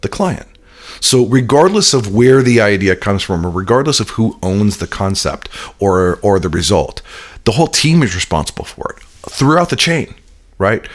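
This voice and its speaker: Male guest, lowish voice, conversational explainer who stumbles into sentences. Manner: energetic explainer, repeats words when starting sentences. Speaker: interview guest. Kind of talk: conversational business interview.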